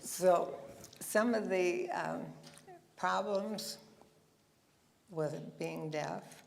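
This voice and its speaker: A woman with a low, heavily gravelly voice speaks slowly and chattily to a church audience. She tells stories in an unhurried, conversational way, with a faint hum of the room behind her. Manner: chatty and anecdotal, with asides and laughs. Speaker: guest speaker at a church service. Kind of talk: conversational talk to a congregation.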